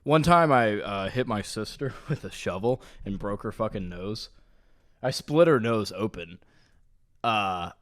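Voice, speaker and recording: A young man hosting a casual solo podcast, telling rambling stories full of profanity and crude jokes, talking in a room at home. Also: on the low side. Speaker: podcast host.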